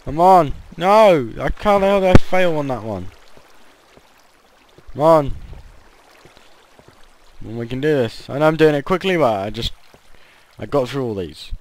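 A man's voice: medium pitch, expressive, unhurried, long pauses, a little mellow. A man giving casual gameplay commentary, often groaning and yelping in frustration. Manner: frustrated, yelps and groans at failed jumps. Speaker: gaming channel host.

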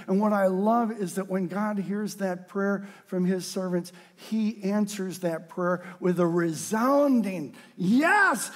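High-voiced male pastor, earnest sermon rising to shouts, reverberant hall. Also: slow pace, few pauses. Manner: swings from quiet earnest talk to fervent shouted scripture.

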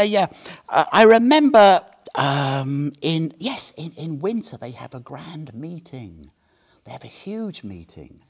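Man, seventies, Buddhist teacher, dharma talk, somewhat high voice, very lively pitch, storytelling. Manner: animated storyteller, tags sentences with "yeah?".

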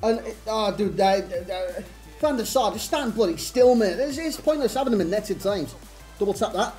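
A man's voice: sits high, expressive, moderate pace, a little mellow, faint music behind. Exasperated man ranting over gameplay. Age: 30s. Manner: exasperated, self-mocking running rants. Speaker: gaming YouTuber. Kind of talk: live gameplay commentary.

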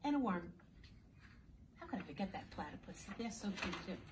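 This teacher reads a picture book aloud to small children, very animated and a little fast in a mid-range voice, playful and sing-song, often addressing them directly. The distant mic catches a noisy background along with faint ambience.

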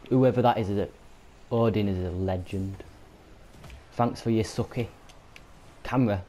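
A man's voice: fairly low pitch, fairly even intonation, normal speed, long pauses, mellow, slight background noise. Swearing Yorkshire man ranting over a game. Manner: swearing, ranting, frequent angry outbursts. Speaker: gamer. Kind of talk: gaming commentary.

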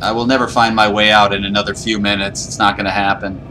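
A man's voice: fairly low pitch, little pitch movement, quick pace, sharp tone, a little hiss or hum. A man giving nervous, panicky running commentary while playing a horror game. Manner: nervous, panicky self-talk. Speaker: gaming YouTuber.

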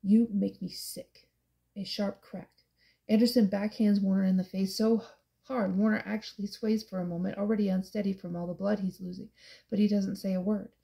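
A woman's voice: mid-range voice, little pitch movement, a little fast, vocal fry, mellow. A woman giving an intense, dramatic first-person audiobook narration.

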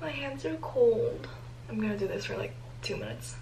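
A woman's voice: on the high side, normal speed, gravelly, a little hiss or hum, rough recording. Anxious teenage girl vlogging. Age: teens. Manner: anxious, excitable, exclamatory. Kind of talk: casual vlog talk to camera. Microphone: compact camera mic.

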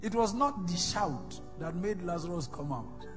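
A man with a Nigerian accent preaching a sermon, swinging between loud shouts and soft whispers. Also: high-pitched, expressive, a little slow. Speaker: pastor. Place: large church hall. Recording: reverberant hall with faint music.

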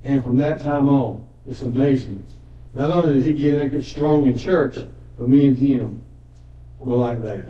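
A man's voice: medium pitch, unhurried. A man preaching a sermon as a pastor, telling stories in a folksy way, with joking asides and repeated words. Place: church sanctuary. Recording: dull echoey church recording from a distance.

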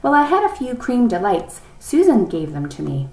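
A woman reading aloud and voicing an eager little boy who loves candy, in a high, excited voice. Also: moderate pace. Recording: echoey room, off-mic.

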